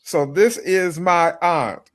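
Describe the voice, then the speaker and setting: A man's voice: on the high side, takes it slowly. Hesitant man hosting a podcast. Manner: hesitant, full of fillers and restarts. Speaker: podcast host. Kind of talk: casual introduction.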